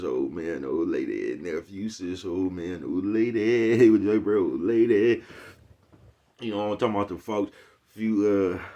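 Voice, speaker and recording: A man with a very low voice talks straight to his audience in a casual, meandering monologue. He is slangy and profane, laughs softly between thoughts, and keeps checking in with the same repeated phrase. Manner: repeats a catchphrase, chuckles often, slangy and profane. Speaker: YouTube host. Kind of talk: casual rambling monologue to viewers.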